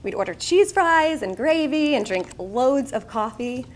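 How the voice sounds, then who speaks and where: A woman's voice: high voice, expressive, measured pace, a little hiss or hum. Candid Long Island woman telling her story. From Long Island, New York. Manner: candid and self-mocking, with wry asides. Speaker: guest speaker at a charity breakfast. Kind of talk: personal storytelling speech. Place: event room, speaking to an audience.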